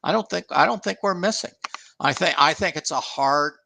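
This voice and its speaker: An older man, a guest on a radio talk show, answering thoughtfully with many restarts and halting pauses. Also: on the high side, gravelly, pushed and bright, a little hiss or hum. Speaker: guest, former engineer and author. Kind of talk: casual interview talk.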